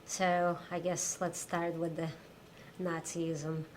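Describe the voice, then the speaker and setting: A woman's voice: on the low side, flat delivery, takes it slowly, a little mellow, a little hiss or hum, poor audio. Thoughtful woman guest from Ukraine. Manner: thoughtful and hesitant, sentences left hanging. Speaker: interview guest, cook. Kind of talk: casual interview talk. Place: studio.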